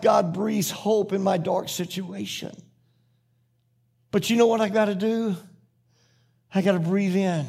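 A man's voice: high-pitched, steady tone, measured pace, vocal fry, pauses often, a little mellow, breathy edge. A man preaching a sermon as pastor, moving from fervent repeated phrases to folksy personal storytelling. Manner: impassioned preacher with rhythmic repetition.

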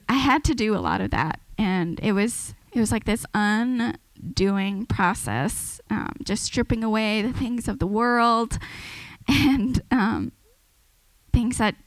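A woman's voice: medium pitch, a little slow, dry recording, rough recording. A woman giving an informal, earnest sermon to a church, talking conversationally and often restarting her sentences. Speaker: preacher.

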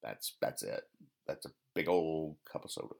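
A man hosting a podcast, recapping comic strips in a rambling, deadpan way, stumbling and correcting himself as he dryly explains each joke. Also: extremely low pitch, moderate pace, creaky. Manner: rambling, self-correcting, dry sarcastic explanations. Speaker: podcast host.

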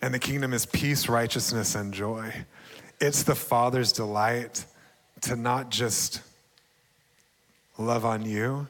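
Earnest man preaching in a reverberant hall. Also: medium pitch. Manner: earnest, laughs often, bursts into excited shouting. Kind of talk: sermon testimony.

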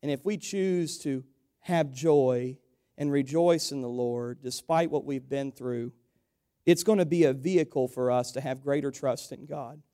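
A man's voice: medium pitch, a little slow, warm tone, smooth. A man preaching a sermon to his church, building to emphatic, repeated exhortations and calling his listeners "church".

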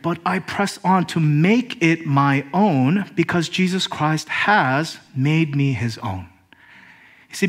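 Pastor, male, slightly high-pitched, preaching with pauses and building emphasis. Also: fairly bright tone. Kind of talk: sermon.

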